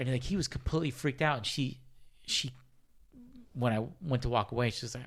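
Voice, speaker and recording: A man's voice: medium pitch, brisk, long pauses, a bit bright. A man in casual podcast conversation with a mid-range voice. He rambles and restarts his sentences, piling on fillers as he tells a story. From Hispanic, worked in San Diego. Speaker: podcast co-host. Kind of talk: casual chat.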